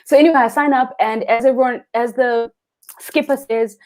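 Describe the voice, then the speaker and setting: A woman's voice: fairly high pitch, fairly even intonation, fast, a little mellow. A South African woman, a guest freediving instructor, telling a story animatedly, acting out quotes and laughing often. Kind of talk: casual interview storytelling.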